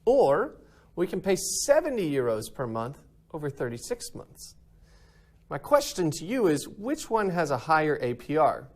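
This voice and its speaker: A man's voice: fairly high pitch, sing-song, a little slow, a little mellow. A man teaching a recorded math lesson in an upbeat way, often checking in with "right?".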